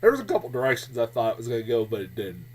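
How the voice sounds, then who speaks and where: Exasperated, profane man ranting with a lively pitch. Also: racing, breathy edge, far from the mic. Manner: profane, exasperated, laughs often. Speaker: film reviewer. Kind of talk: casual ranting review.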